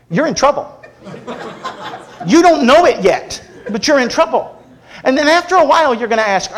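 A man preaching a sermon, moving from humorous storytelling to earnest, quieter exhortation. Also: very high-pitched, very animated, moderate pace.

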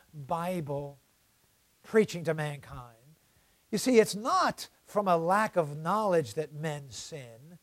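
A male preacher delivering a sermon, swinging from loud cries to hushed low passages, with frequent "uh" fillers between phrases. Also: dry recording, clean studio sound.

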